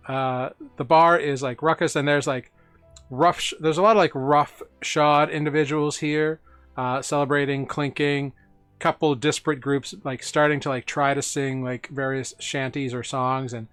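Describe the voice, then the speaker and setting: A man's voice: mid-range voice, steady tone, unhurried, a bit bright, clean tone, soft background music. A man narrating as game master for a tabletop game, rambling with many fillers.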